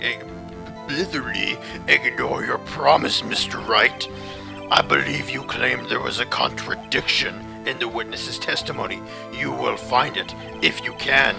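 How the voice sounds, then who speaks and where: A man's voice: mid-range voice, unhurried, gravelly, music in the background. A man doing a haughty older prosecutor. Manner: haughty, formal. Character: stern, pompous older male prosecutor.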